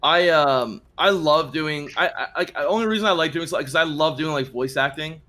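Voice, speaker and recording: A man from Texas jokes and teases in a loose, rambling way over voice chat during a game. His voice sits a little higher than most men's. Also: moderate pace, sharp tone. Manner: joking, teasing, loose and rambling. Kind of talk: casual voice chat while gaming.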